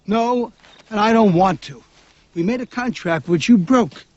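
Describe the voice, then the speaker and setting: A bitter accusing partner. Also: male voice, high-pitched, unhurried, a little mellow, dry recording, highs cut off. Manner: cold accusing delivery. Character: bitter man in a quarrel.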